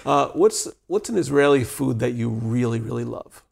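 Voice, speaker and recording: A man's voice: medium pitch, lively intonation, normal speed, gravelly. A male interviewer asking questions in an easygoing, casual way, laughing often.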